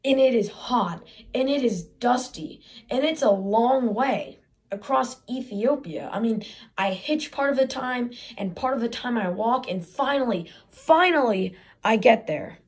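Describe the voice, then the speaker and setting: A woman's voice: a little high, expressive, measured pace. A teenage woman playing an eager, aggrieved boy who brags that the sun is his father, in a chatty stage monologue with sarcastic asides. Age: teens. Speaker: student theater performer.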